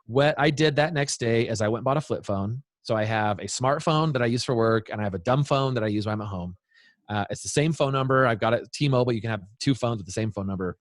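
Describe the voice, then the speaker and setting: A man in his thirties or forties, an interview guest giving parenting advice in an earnest, animated way. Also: medium pitch, no room sound, clean studio sound. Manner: earnest, animated, acts out quoted voices. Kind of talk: interview storytelling.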